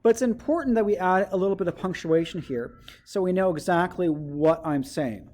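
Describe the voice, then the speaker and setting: A man's voice: sits high, brisk, darkish tone. A male teacher giving a writing lesson to children, explaining step by step and often checking in with "okay?".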